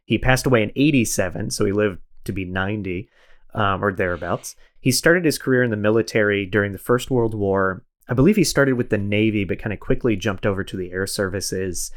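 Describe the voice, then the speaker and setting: A man's voice: fairly low pitch, a little fast. A man hosting a podcast in casual chat, rambling and self-deprecating, laughing often. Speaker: podcast host.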